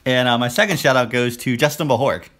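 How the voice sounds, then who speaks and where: Talking fast in a mid-range voice, a man co-hosts a podcast and spins rambling anecdotes during casual chat. He acts out what he and other people said in lively bursts.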